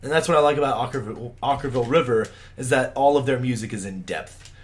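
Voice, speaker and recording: A man's voice: mid-range voice, fast. A man co-hosting a podcast in casual chat, rambling and laughing often. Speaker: podcast co-host.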